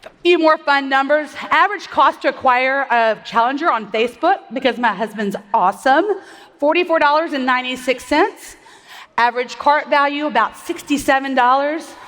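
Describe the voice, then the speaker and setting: A woman giving a fast, upbeat stage presentation, a little out of breath, rallying the audience with questions. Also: sits high, fairly bright tone. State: slightly out of breath. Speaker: conference speaker. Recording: long hall reverb.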